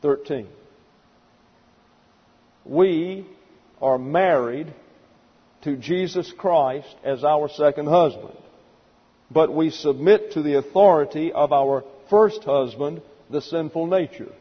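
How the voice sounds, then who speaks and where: Husky-voiced man teaching from the pulpit. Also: fairly high pitch, slow, long pauses, big-room sound, lo-fi sound. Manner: methodical, numbered points, dry asides. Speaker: pastor. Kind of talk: expository Bible teaching.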